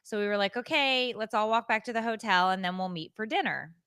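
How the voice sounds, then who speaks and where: Woman, casual storytelling, animated, bright and crisp voice. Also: mid-range voice, fairly quick. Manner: animated, self-mocking, acts out quotes. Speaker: podcast co-host.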